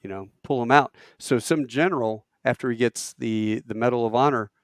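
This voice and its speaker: A man, a podcast guest, telling war stories in a lively way, acting out quotes with halting restarts. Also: medium pitch, no echo, clean studio sound. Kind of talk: animated war storytelling.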